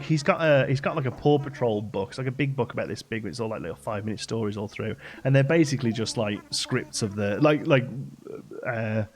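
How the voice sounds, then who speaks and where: Chatty man streaming. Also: on the low side. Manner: rambling and chatty, many fillers and restarts. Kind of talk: casual live-stream chat.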